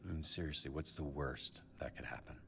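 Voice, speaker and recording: A man's voice: a bass voice, fairly quick, gravelly. An actor playing a blunt, wry adult man giving frank advice in a game. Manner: dry, frank pep talk. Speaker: game character. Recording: game audio with music behind.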